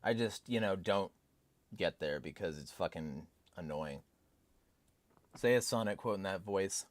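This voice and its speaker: A man's voice: low voice, lively intonation, measured pace, no room sound. Laid-back man chatting on a stream. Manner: laid-back, reads chat comments aloud, swears. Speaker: livestream host. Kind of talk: casual stream chat.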